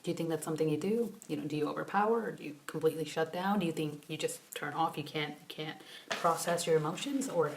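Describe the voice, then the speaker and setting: A woman's voice: deep voice, fast, gravelly. Chatty young woman rambling through a quiz. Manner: animated rambling rants, soft hushed quiz questions. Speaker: YouTuber. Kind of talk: casual vlog chat, taking a quiz.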